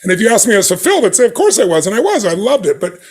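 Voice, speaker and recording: A man as a podcast guest, telling a story in conversation with emphatic, animated delivery, acting out the dialogue he quotes. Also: high voice, very fast.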